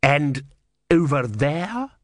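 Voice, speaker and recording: A man voicing a cold, soft-spoken male inquisitor who talks slowly and deliberately, with silky menace. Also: on the high side, big pitch swings, no room sound, studio quality, pitched above the performer's own voice, full character voice. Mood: probing. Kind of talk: audiobook character voice.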